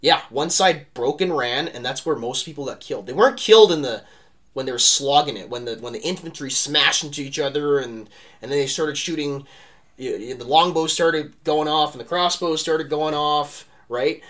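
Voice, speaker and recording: Bright, energetic male co-host; animated and rambling storyteller who keeps checking in with "right?". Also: fairly high pitch, moderate pace. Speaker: podcast co-host. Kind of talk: casual history discussion.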